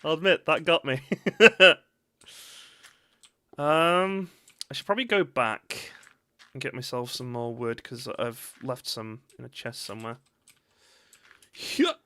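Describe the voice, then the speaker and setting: A man's voice: medium pitch, unhurried, pauses often, bright, forceful tone, smooth, dry recording. A man giving casual, self-mocking commentary while playing a game. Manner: chatty and self-mocking, laughs often. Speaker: gaming streamer.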